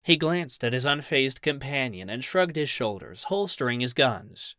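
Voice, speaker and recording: Male audiobook narrator, even and measured, mid-pitched, dry close studio sound. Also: dry recording. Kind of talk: scripted story narration.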